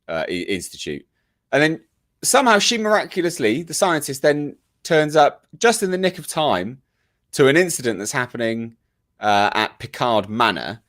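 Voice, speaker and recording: A man's voice: mid-range voice, a bit bright. A man giving a casual, ranting review to a live chat, full of fillers and restarts and openly exasperated. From United Kingdom.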